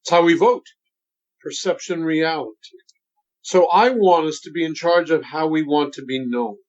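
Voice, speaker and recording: A man in his seventies, a voice coach, talking in a deliberate and emphatic instructive way during an interview. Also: on the high side. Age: 70s. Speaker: voice coach guest. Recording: dull lo-fi sound.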